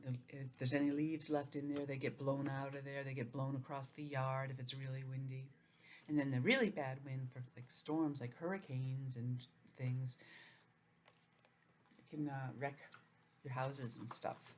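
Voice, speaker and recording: A woman teaching an online lesson to young children, gentle and expressive, acting out feelings in a sing-song way. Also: a bass voice, measured pace, slight background noise. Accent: New England.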